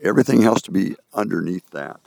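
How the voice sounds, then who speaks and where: A man giving a band feedback on their playing, singing and scatting the phrases he means, halting with repeated words and fillers. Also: low-pitched, lively intonation, vocal fry, darkish tone, dry recording. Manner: sings and scats the phrases he describes. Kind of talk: rehearsal critique with sung examples. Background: band music playing.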